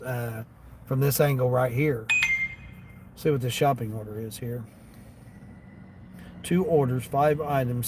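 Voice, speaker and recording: A man talks to his viewers from inside a vehicle while he drives. His pitch sits in the middle, and his easy, wandering chat drifts from one thing to the next. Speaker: livestream host. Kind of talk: casual livestream chat.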